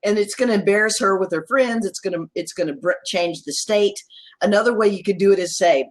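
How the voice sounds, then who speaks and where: A woman's voice: medium pitch, brisk, poor audio. A woman guest expert in a discussion, talking in an enthusiastic, emphatic and playful way. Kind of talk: casual discussion.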